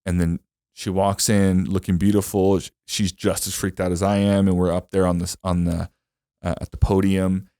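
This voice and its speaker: A man's voice: deep voice, level tone, normal speed, warm tone, clean tone, no echo, clean studio sound. A young man hosting a podcast, telling a personal story in casual chat, full of fillers, restarts and the odd swear word. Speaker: podcast host.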